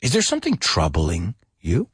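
Man, teacher, husky dry voice, very animated, playful, mixes two languages. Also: sits low, normal speed, dry recording. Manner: playful, switches between English and Spanish. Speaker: English teacher. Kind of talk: bilingual language lesson.

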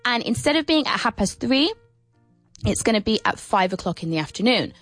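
A woman's voice: on the high side, big pitch swings, a little fast, fairly bright tone, no room sound, soft background music. A woman hosting a casual radio lesson, chatting and explaining everyday phrases, sometimes spelling words out. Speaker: radio English teacher and show host. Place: radio studio.

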